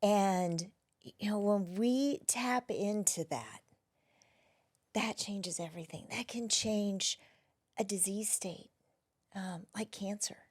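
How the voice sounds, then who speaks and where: A woman who is a wellness practitioner, talking gently and reflectively as an interview guest, often dropping to a soft near-whisper. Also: mid-range voice, slow, pauses often, husky. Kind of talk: casual interview conversation.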